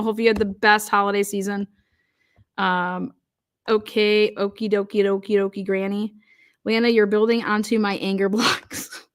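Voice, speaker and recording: A woman from Ohio hosting a live stream, ranting angrily with profanity and frequent restarts, and reading viewer comments aloud. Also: mid-range voice. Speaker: livestream host.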